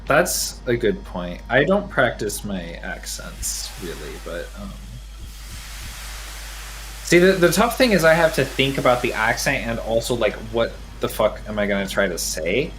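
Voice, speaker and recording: A man's voice: mid-range voice, big pitch swings, unhurried, fairly bright tone, a little hiss or hum. A man co-hosting a game stream in casual chat, rambling with many fillers and reading chat aloud. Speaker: streamer, co-host.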